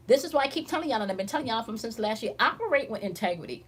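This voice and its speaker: A woman's voice: fairly high pitch, lively intonation, rapid-fire, slightly rough. A woman hosting a casual spiritual teaching stream, talking emphatically and bluntly with lots of swearing, constantly checking in with her listeners. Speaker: spiritual teacher and channel host.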